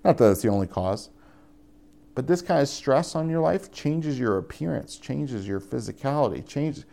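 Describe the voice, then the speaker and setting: Gravelly-voiced man preaching casually. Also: mid-range voice, animated, moderate pace, mellow. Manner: conversational preaching, rising emphatic. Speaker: pastor. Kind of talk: sermon.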